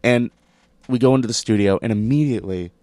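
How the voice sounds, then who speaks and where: Animated storytelling comedian, man. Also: medium pitch, quick pace, dry recording. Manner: animated, swears, acts out quotes. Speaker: comedian guest. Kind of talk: casual podcast storytelling.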